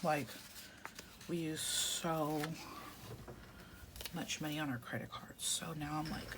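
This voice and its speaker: A woman in her thirties chatting casually while she works on her journal, talking softly and often half-whispering, rambling with lots of "like". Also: sits low, takes it slowly, long pauses. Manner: rambling with many "like" fillers. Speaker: planner vlogger. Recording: steady background noise.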